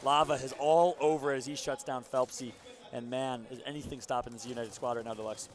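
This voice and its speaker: A man commentating a live esports match, his voice worn hoarse from cheering with the crowd, talking through plays with excited analysis. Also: medium pitch, a little fast. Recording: loud crowd behind the voice.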